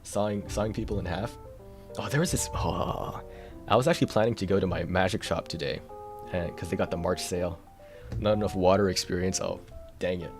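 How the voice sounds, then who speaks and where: A man's voice: sits low, quick pace, music in the background. A man chatting casually on a live stream, rambling and self-deprecating, with a tired voice.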